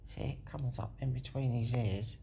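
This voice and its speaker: A woman's voice: very deep voice, fairly even intonation, normal speed, creaky, mellow. A woman hosting a video, thinking aloud as she walks through a map. She corrects herself often and sometimes drops into a whisper. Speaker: video host. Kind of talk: rambling walkthrough on a map.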